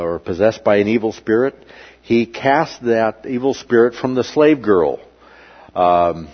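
Halting low-voiced man teaching a Bible lesson. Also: breathy edge, lo-fi sound. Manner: halting, many filler sounds between phrases. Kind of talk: slide-illustrated Bible lesson.

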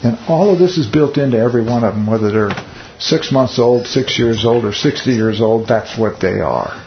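A man leading a Bible study with a relaxed, conversational delivery. He peppers the teaching with rhetorical questions and wry asides. The recording is muffled and lo-fi, with a faint hiss underneath. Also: medium pitch, moderate pace.

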